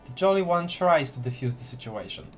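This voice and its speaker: A man's voice: on the high side, expressive, brisk, soft background music. Giggly man streaming a story game. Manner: giggly, muttering, repeats words playfully. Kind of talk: casual game playthrough, reading dialogue aloud.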